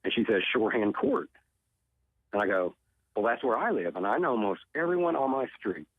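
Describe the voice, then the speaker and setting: A man with a medium-pitched, sing-song voice talks a little fast as a talk show guest. He's a tornado survivor from Oklahoma earnestly relating a personal story and often repeating himself. No room sound is present, though the line sounds tinny like a phone.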